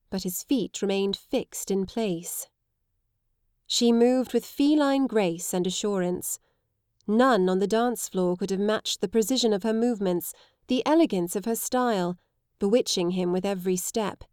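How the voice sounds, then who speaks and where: A woman narrating a period romance audiobook in a measured storytelling manner. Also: medium pitch, darkish tone, dry recording, studio quality.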